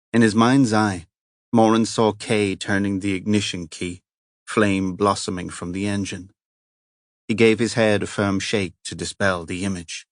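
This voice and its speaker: A man narrating a novel in a steady, measured storytelling voice. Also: fairly low pitch, no echo, clean studio sound. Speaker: audiobook narrator. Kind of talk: scripted narration.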